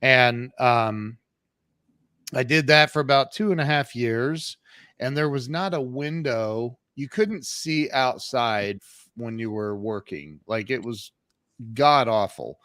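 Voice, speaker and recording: A man in his fifties, an entrepreneur and podcast guest, recounts his life in an animated, conversational way. He often restarts sentences and uses fillers. His mid-pitched voice sounds close and dry, with no room echo. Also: slow. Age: 50s.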